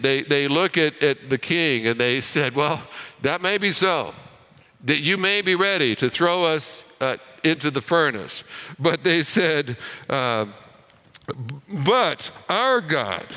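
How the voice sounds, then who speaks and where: A man preaching a sermon, telling a story and dropping to a hush on key lines, with frequent repeated words. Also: on the high side, smooth. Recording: reverberant hall.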